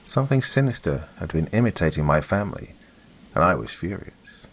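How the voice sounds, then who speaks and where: Deep guy narrating a creepy story, steady and grave, bit of hiss. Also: brisk, vocal fry. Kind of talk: scripted horror narration.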